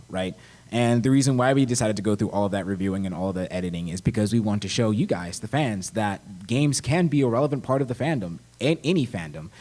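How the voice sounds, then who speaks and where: Earnest low-voiced game design panelist man. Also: darkish tone. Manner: earnest, searches for words with repeated restarts. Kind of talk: casual convention panel chat. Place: convention panel room.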